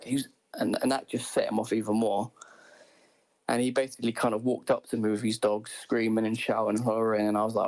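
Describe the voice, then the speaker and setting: A man's voice: medium pitch, flat delivery, fairly quick, a little mellow, rough recording. A man telling a long personal story in casual chat, rambling with many restarts.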